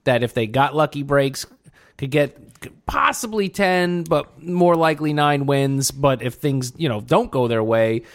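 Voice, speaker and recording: A man's voice: mid-range voice, a little slow, no echo. A man co-hosting a sports podcast, wry and teasing in casual chat, with bursts of exasperation. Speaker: podcast co-host.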